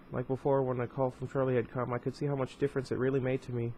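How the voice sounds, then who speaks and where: A man reading a novel aloud in a casual, unpolished way, with a mid-range pitch. He breaks in with offhand asides and corrects his own stumbles. Faint noise sits under his voice. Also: little pitch movement, quick pace, darkish tone, rough recording. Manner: reads first-person narration with offhand asides and self-corrections. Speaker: book reader.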